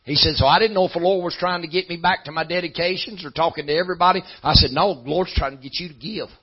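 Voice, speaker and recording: A male preacher delivers a folksy sermon, his voice husky and a little high. He builds from easy storytelling into fervent shouting. The recording is muffled and lo-fi. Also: fast.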